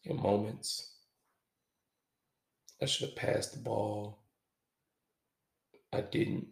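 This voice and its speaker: Very gravelly man, roomy echo. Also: fairly low pitch, monotone. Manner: halting, reflective, casual with swearing. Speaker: podcast host. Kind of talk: confessional podcast monologue. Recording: echoey room.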